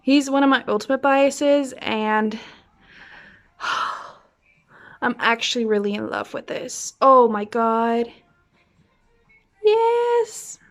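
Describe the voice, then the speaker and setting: A young woman with a fairly high voice talks through an unboxing in a slow, drawn-out way. She counts down and gasps at each reveal, then often drops into soft whispers. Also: lively intonation, soft background music. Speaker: vlogger unboxing albums. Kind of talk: excited unboxing vlog chat.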